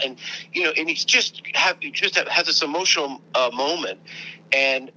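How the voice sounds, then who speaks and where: Bright-voiced man telling an animated story. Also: a little high, moderate pace, low-quality recording. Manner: animated, laughs often, acts out quoted voices. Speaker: interview guest. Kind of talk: casual storytelling.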